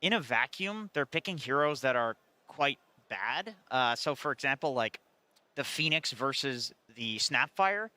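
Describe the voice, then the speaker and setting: A man's voice: mid-range voice, expressive, a little slow, pushed and bright, dry recording. A man on an esports panel, casual and joking while he breaks down picks. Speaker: esports analyst. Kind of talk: panel analysis.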